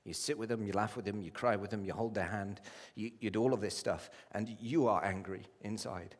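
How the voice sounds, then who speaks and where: A man preaching a sermon as a pastor, with impassioned delivery that rises to loud pleading and drops low. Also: brisk. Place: church. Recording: long hall reverb.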